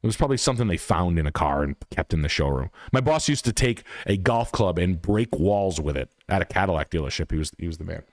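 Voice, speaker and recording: Profane, animated male stream host. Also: low-pitched, fast talker, few pauses, no room sound, studio quality. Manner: profane, animated storyteller acting out arguments. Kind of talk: casual live-stream storytelling.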